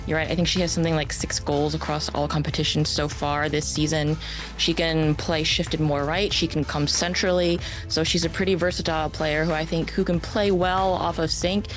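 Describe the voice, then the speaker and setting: Low-voiced woman analyst, confident, clear music underneath. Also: flat delivery, normal speed. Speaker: soccer analyst guest. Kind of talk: studio sports talk.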